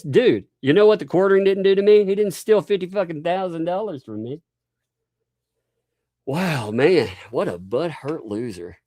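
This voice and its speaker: Male streamer host, gravelly and lively, combative and mocking, dry close sound. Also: on the high side, measured pace, long pauses, no echo. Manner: combative, mocking, swears, laughs between lines. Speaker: livestream host. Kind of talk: ranting livestream commentary.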